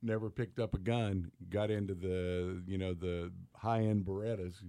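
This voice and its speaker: A man telling stories in a casual chat, acting out other people's lines in an animated way. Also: deep voice, moderate pace, no echo. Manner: animated storyteller, acts out quotes.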